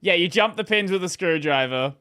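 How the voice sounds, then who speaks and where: A man's voice: high voice, a little fast, clear, resonant tone. A man, a streamer chatting casually while commenting over a video. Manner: chatty, relaxed, thinks aloud.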